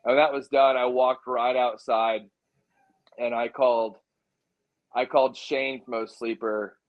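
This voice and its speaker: A male musician in a casual interview, telling a story in a rambling, animated way, full of fillers like "like" and "dude". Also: mid-range voice, unhurried, highs cut off. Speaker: musician guest.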